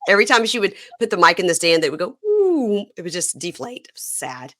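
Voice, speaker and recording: Woman, podcast host, lowish voice, dry wry asides, casual recap. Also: expressive, fast, sharp tone. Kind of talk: casual chat recapping a show.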